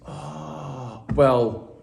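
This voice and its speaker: A man with an Australian accent, an actor telling casual behind-the-scenes anecdotes to fans at a convention meet-and-greet, animated and full of restarts. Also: mid-range voice, extremely slow, creaky, slight background noise. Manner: animated storyteller, acts out quotes, many restarts. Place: small room at a fan convention. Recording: echoey room.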